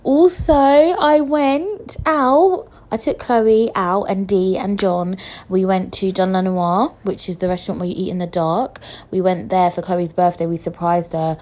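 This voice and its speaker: A young woman chatting casually to camera as a vlogger, excitable and quick to laugh and swear. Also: lowish voice. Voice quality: visually impaired speaker.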